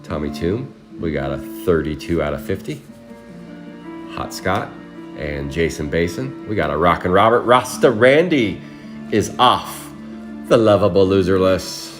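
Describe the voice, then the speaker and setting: A man's voice: sits low, animated, measured pace. A married man casually hosting a live trading card break, rambling and chatting with viewers by name while listing cards. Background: music.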